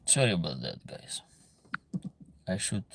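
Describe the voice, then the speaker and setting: Gravelly man lecturing his chat. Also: low-pitched, sing-song, a little slow, background noise. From Albania. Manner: earnest, lecturing, broken English. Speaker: livestream host reading chat. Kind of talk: casual livestream chat.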